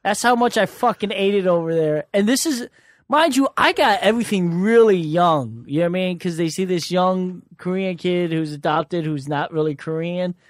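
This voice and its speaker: A man's voice: high-pitched, moderate pace, no echo. A young man, a comedian, telling stories in a casual chat in a dry, sarcastic way with a lot of swearing. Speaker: comedian guest.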